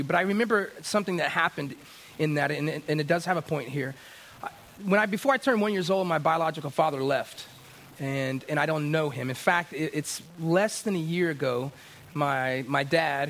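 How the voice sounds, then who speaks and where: A man's voice: a little high, fairly bright tone, slight background noise. A middle-aged man preaching a sermon, telling a personal story in a conversational way with many restarts and growing emphatic. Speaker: pastor.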